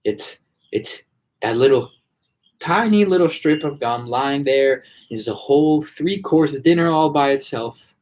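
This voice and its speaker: A man's voice: medium pitch, lively intonation, measured pace, a little mellow, close to an everyday voice, poor audio. Wonka: a man doing a boastful candy inventor. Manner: boastful, exclamatory. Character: eccentric proud male candy inventor.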